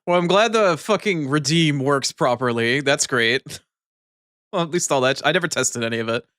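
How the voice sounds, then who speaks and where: A man's voice: on the high side, a bit bright, no room sound. Loose-talking male streamer, dry sound. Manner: loose, swearing, ends lines with a cat-like "nyan" tic; talks while eating, mumbled and unhurried. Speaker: live streamer. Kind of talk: casual chat with viewers.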